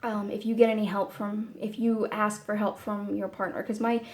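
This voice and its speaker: A woman talking casually to camera in a personal vlog, meandering and halting, with many fillers and restarts. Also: mid-range voice, flat delivery. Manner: soft and candid. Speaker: vlogger.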